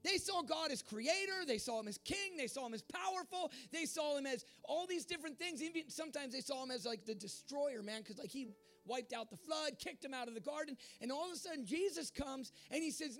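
A man preaching a sermon in a fervent way, at times rising to shouts. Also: very high-pitched, a little fast, soft background music. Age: adult.

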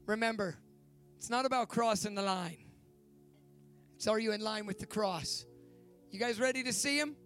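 A man in his forties giving a youth sermon, preaching with rising excitement and leading a fervent prayer. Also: high voice, normal speed, pauses often, soft background music. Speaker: youth pastor. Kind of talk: sermon with altar call.

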